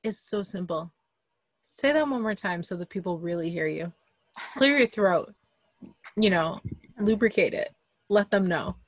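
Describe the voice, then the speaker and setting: A young adult woman co-hosting a casual podcast chat, animated and emphatic. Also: mid-range voice, measured pace, pauses often, no echo. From Liberian family. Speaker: podcast co-host.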